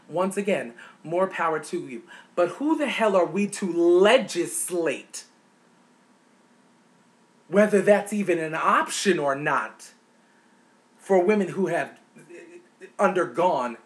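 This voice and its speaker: A woman vlogger delivering an impassioned, indignant opinion rant, repeating words for emphasis. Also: deep voice.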